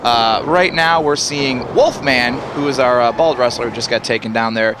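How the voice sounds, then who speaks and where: A man doing jokey, excitable comedic wrestling commentary, laughing often. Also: medium pitch, moderate pace, noisy background.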